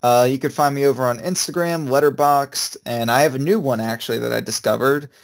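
A man's voice: mid-range voice, fairly quick. Rambling young man in casual chat. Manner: rambling, hesitant, many restarts. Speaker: podcast co-host.

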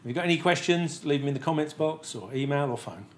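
A man's voice: on the high side, animated, fast talker, slight background noise. A man working as a guitar technician, explaining intonation fixes in a plain, methodical way with frequent fillers. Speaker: guitar tech.

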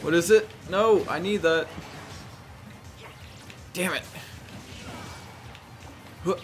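Young male gameplay commentator: casual, animated, reactive, faint game music underneath. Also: high voice, very slow. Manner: animated, talks to the game, frequent exclamations.

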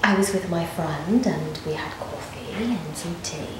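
A woman's voice: fairly low pitch, unhurried, noisy background, natural voice. An actress playing a nervous, evasive young woman on the run, talking in a rambling, defensive way with nervous laughs. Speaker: actor. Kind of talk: dramatic monologue. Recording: very echoey room.

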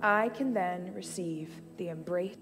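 A woman's voice: fairly low pitch, measured pace, in a large hall, over music. A woman giving a sermon, telling a personal story with playful asides. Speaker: church speaker. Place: church hall.

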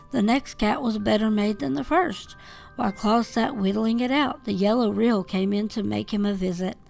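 A woman reads a classic fairy tale aloud at a calm, even pace. Her voice is strongly gravelly with a lot of fry. She keeps the reading gentle and measured, and a soft waltz plays faintly behind her. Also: mid-range voice. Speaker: podcast host reading a children's book aloud. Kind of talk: storybook narration. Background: faint waltz music.

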